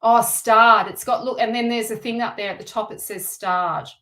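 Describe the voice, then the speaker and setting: Chatty slightly high-voiced woman reading tarot. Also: steady tone, normal speed. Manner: chatty, thinks aloud, frequent self-corrections; warm and encouraging toward viewers. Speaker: tarot reader. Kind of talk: live-streamed tarot reading.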